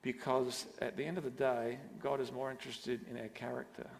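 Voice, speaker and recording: Gravelly man speaking in a reverberant church. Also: medium pitch, flat delivery, slight background noise. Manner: earnest, measured, reflective. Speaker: church speaker sharing testimony. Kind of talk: church testimony talk. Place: church auditorium. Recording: long reverb of a church hall.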